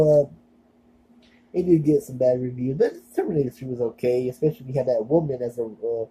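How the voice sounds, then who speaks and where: Young guy rambling on his vlog, lots of uh's, really dark husky voice. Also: medium pitch, poor audio. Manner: rambling, filler-heavy, self-deprecating. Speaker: vlogger. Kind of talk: casual rambling video monologue.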